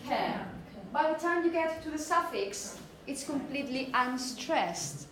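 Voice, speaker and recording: A woman teaching phonetics to a class, saying example words slowly and often asking "okay?". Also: high-pitched, sing-song, a crowd in the background. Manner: repeats words slowly to model pronunciation; asks "okay?" often to check understanding. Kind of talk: classroom lecture.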